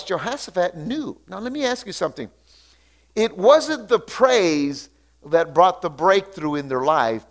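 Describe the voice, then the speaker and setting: High-voiced preaching man. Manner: preaching with call-outs and repeated hallelujahs; reads scripture aloud and comments on it. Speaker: pastor. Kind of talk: sermon.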